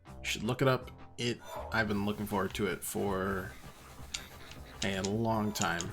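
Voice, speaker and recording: A man's voice: fairly low pitch, steady tone, unhurried, music in the background. A man streaming a video game, chatting casually, reading menus aloud and poking fun at himself. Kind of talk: casual let's play commentary.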